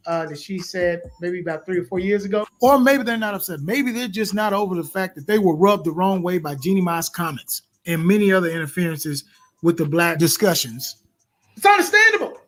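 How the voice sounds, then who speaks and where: Brief: male commentator with a high-pitched voice, blunt indignant monologue. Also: fairly bright tone. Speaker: social commentator. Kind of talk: opinion monologue.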